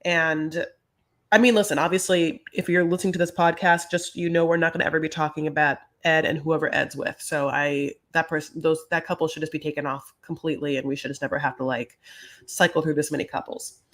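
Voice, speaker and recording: Bright-voiced sassy woman podcaster. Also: deep voice, steady tone, brisk. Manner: chatty, sassy, calls listeners "honey" and "my loves". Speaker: podcast co-host. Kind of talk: casual reality-TV recap chat.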